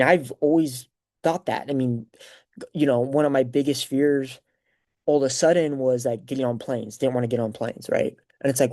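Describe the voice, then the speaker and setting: A young man hosting a podcast, telling a personal story in a casual, rambling way full of fillers. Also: medium pitch. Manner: rambling, filler-heavy, animated retelling. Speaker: podcast host.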